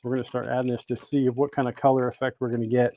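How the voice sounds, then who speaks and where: A man's voice: mid-range voice, little pitch movement, fast, dark tone. A man hosting a casual livestream from an indoor workshop, chatting and greeting viewers by name as he works. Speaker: host of a bait-making livestream. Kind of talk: casual livestream demo talk.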